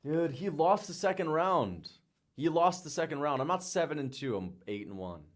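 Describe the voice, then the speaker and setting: A young man streaming live, calling fight picks with hyped, shouting bursts, swearing and playful trash talk. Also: a little high, animated, moderate pace. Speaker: livestreamer making fight picks. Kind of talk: excited livestream reaction commentary.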